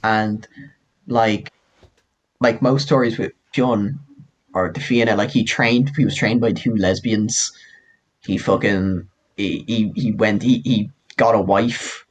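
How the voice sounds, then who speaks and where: A young Irishman, telling old legends on a casual podcast. He is animated and profane, laughing often and swearing freely as he goes. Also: on the low side, slow. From Ireland. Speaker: podcast co-host. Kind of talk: casual storytelling chat.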